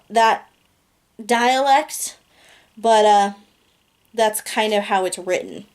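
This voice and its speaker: A woman's voice: mid-range voice, slow pace, long pauses, smooth. A young woman reading a comic novel aloud casually, amused and giggling often, drawling the profanity. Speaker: audiobook reader.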